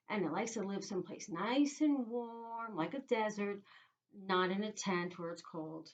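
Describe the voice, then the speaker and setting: A woman, a teacher leading young children through a phonics lesson in a sing-song, animated way, sounding out letter sounds. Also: medium pitch, unhurried, highs cut off. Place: inside a small tent.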